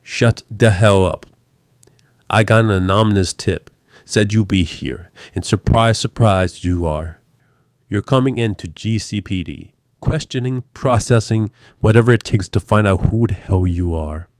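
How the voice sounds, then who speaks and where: A man's voice: low voice, unhurried, few pauses, darkish tone, no echo, studio quality. A man voicing a stern middle-aged police captain who barks orders. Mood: barking. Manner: barking, commanding.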